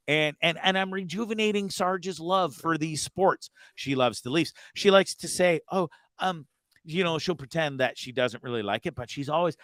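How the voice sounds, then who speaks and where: A man hosting a casual podcast, talking in profane, excitable rants and repeating himself as he gets worked up. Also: fairly high pitch, moderate pace, hardly any pauses, no echo. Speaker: host.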